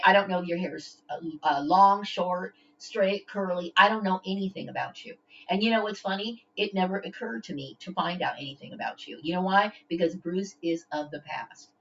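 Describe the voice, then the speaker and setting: Woman vlogger with a low voice, confrontational rant, constant "okay?", dull lo-fi sound. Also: fairly bright tone. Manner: confrontational, repeats "okay?" often; stammers and restarts when upset. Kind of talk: direct-to-camera rant. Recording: dull lo-fi home recording.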